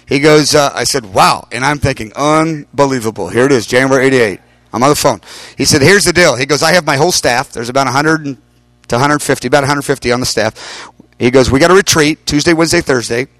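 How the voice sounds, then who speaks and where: A man's voice: mid-range voice, fast, no echo. A middle-aged man preaching, telling a long personal story and voicing the people he quotes with a lifted voice. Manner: animated storytelling, quoting others in raised voice. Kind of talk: storytelling sermon.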